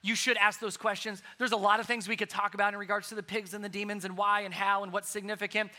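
A man preaching a sermon, animated, moving between loud emphasis and hushed, quiet points. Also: sits high, fast talker. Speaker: pastor.

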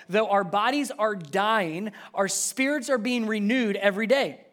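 Conversational male pastor preaching. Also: a little slow. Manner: conversational preaching, rises high and loud telling stories. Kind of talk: sermon.

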